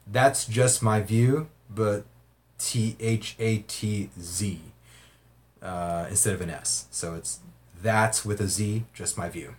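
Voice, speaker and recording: A man's voice: lowish voice, fairly even intonation, takes it slowly, a little hiss or hum. A man hosting a casual livestream, reading viewer comments aloud in a rambling way, often laughing and swearing.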